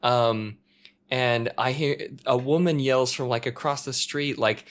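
A man in easy conversation, spinning an anecdote with animated energy. He throws himself into the quoted voices, jumping up into shouts and dropping back to a mutter. His pitch sits in an ordinary middle range. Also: slow pace. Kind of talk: casual chat. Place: apartment in a multi-story building.

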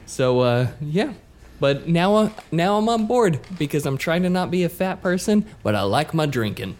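A man's voice: on the high side, big pitch swings, normal speed, darkish tone. A man co-hosting a podcast, telling a story in a loose, rambling way with lots of fillers and joking asides. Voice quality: swears casually. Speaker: podcast co-host. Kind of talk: casual podcast chat.

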